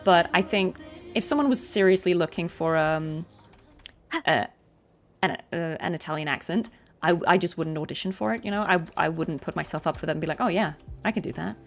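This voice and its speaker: A woman's voice: fairly low pitch, a little fast. A woman, a voice actor and streamer, chatting casually while gaming and giving earnest advice with frequent ums.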